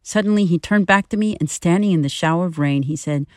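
A woman in her fifties giving a scripted, earnest and personal spiritual reflection in a measured way. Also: fairly low pitch, darkish tone, no echo, studio quality. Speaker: podcast reflection speaker.

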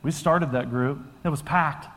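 A man preaching a sermon as a pastor, telling stories in a conversational, animated way that swings from loud to hushed. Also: fairly high pitch, unhurried. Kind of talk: sermon with storytelling. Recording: long hall reverb.

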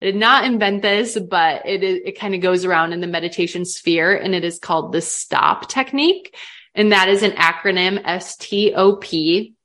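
A woman's voice: fairly low pitch, normal speed, bright, forceful tone. A young woman from the American Midwest, a podcast guest, talking in a chatty, open way with lots of likes and ums. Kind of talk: casual podcast interview.

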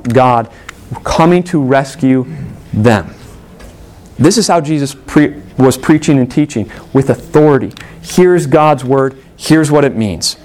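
A man's voice: mid-range voice, a little mellow. A man preaching a sermon earnestly, stressing points with rhetorical questions. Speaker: pastor.

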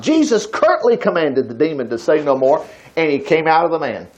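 A man's voice: a little high, big pitch swings, normal speed, highs cut off, slight background noise. A man preaching a conversational sermon, reading scripture aloud and breaking off into chatty, folksy asides.

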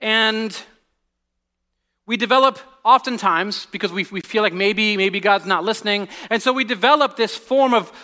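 Pastor, man in his 40s, high clear voice, loose storytelling sermon. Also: normal speed. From United States. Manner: animated storytelling, drops to a hushed voice on serious points, many restarts. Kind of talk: conversational sermon.

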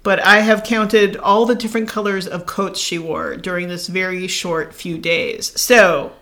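A woman's voice: medium pitch, little pitch movement, unhurried, a bit bright. Woman podcast co-host, casual rambling chatter, mid voice. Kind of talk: casual chat.

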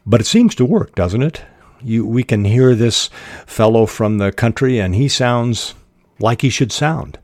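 A man hosting a podcast on fiction writing, reading passages aloud and explaining them in a measured way with frequent pauses and fillers. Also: medium pitch, animated, darkish tone, no echo, clean studio sound.

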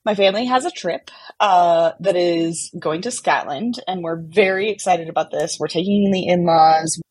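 A woman telling a personal story in a casual, animated way, often saying "like". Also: mid-range voice, husky, no echo, low-quality recording. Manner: animated, chatty, many fillers like "like". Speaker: podcast guest telling a story.

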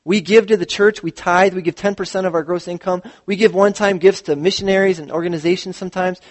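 A man, a pastor, preaching a sermon in a church, with animated storytelling and acted-out quotes. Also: high-pitched, fast talker.

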